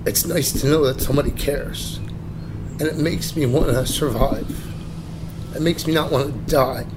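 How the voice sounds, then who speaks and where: A man in recovery from addiction, speaking slowly and haltingly, audibly emotional as he gives a candid personal account. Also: fairly high pitch, background noise. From New Jersey. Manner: halting, slow, pausing often with ums. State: emotional, voice close to breaking.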